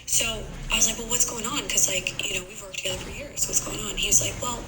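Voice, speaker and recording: A chatty woman dating coach streams live from a room at home, speaking fairly quickly in a mid-range voice and voicing the dialogue in her stories. The recording has room echo and loud background noise.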